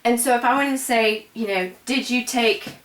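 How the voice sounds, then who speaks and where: A woman's voice: on the high side, moderate pace, far from the mic. Casual woman teaching in an echoey room. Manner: casual and chatty, says y'all, many ums and self-corrections. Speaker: French teacher. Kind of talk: classroom grammar lesson at a board.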